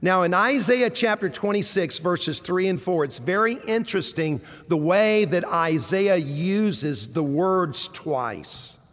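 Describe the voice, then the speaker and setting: High-voiced preaching man in a reverberant hall. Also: expressive, slow, hardly any pauses, fairly bright tone. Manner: preaching with rising emphatic bursts and rhetorical questions. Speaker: pastor. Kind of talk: sermon.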